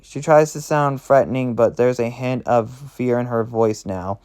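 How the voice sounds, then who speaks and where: A man narrating a roleplay aloud in a plain, steady reading voice. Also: medium pitch, measured pace, few pauses.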